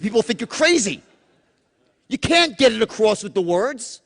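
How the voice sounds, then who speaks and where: High-pitched, lively male sales trainer, profane, swings into whispers, reverberant hall. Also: moderate pace, vocal fry. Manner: animated, profane, acts out tones with sudden whispers. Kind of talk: live seminar talk. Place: large seminar room.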